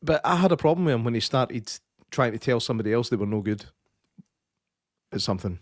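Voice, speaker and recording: A man's voice: medium pitch, lively intonation, quick pace, no room sound, studio quality. A Scottish man co-hosting a film-review podcast, telling stories in a sweary, ranting way. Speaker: podcast co-host. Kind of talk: casual chat, film review. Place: studio.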